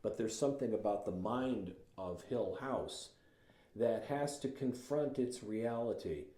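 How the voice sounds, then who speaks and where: A man with a low, mellow voice gives a writing lesson, lingering over words and reading passages slowly with care. He talks in a loose, thoughtful way with small restarts. The sound is roomy, with a noticeable echo. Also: lively intonation. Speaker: writing instructor. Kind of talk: teaching lecture with read-aloud passages.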